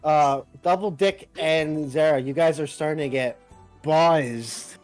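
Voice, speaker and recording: A man's voice: on the high side, takes it slowly, faint music behind. A man narrating as game master, loose and rambling with lots of filler.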